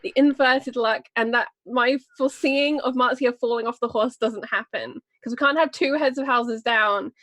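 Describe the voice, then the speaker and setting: A woman's voice: on the high side, moderate pace, few pauses, fairly bright tone, dry recording. A woman chatting casually before a tabletop game, talkative and giggly. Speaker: player.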